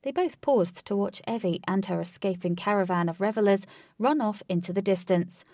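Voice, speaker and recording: A woman's voice: medium pitch, moderate pace, mellow, dry recording. Woman narrating a storybook, dry and close.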